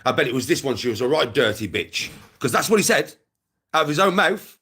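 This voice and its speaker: A man's voice: medium pitch, big pitch swings, brisk, pushed and bright, husky. A man, ranting confrontationally on a livestream, swearing and repeating himself. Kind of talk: angry livestream rant.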